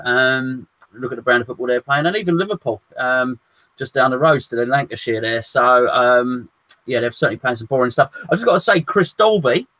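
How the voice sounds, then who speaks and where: A man's voice: medium pitch, fairly bright tone, dry recording. A man co-hosting a casual football fan chat, joking and trading banter with frequent restarts. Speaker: co-host of fan show.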